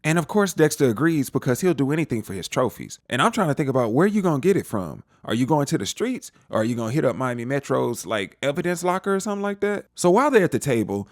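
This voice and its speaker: Animated man recapping a TV episode. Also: medium pitch, quick pace, few pauses, no room sound, clean studio sound. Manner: animated, slangy, talks straight to the viewer. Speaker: TV show reviewer. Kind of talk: casual spoiler recap.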